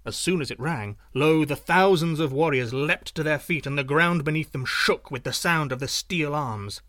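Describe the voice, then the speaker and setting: A man narrating a folk tale in an expressive, dramatic reading. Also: a little high, moderate pace, dry recording. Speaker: storyteller. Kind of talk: scripted narration.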